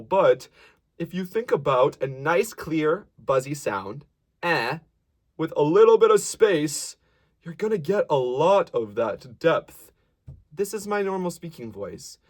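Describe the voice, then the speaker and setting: Lively, animated male voice teacher. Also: a little high, unhurried. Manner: demonstrates sounds and sung lines between explanations; encouraging, casual. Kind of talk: singing lesson.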